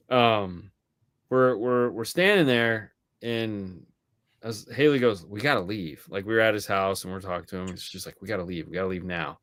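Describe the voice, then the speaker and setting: Animated storytelling man on a dry mic. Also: fairly low pitch, no room sound. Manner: animated storyteller acting out quoted dialogue; swears casually. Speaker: podcast co-host. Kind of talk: casual chat.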